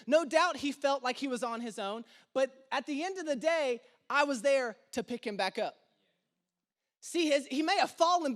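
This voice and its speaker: A young man preaching a sermon as pastor, mixing a funny family story with repetitive, building preaching cadence. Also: very high voice. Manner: animated, self-deprecating humor, repetitive preaching cadence.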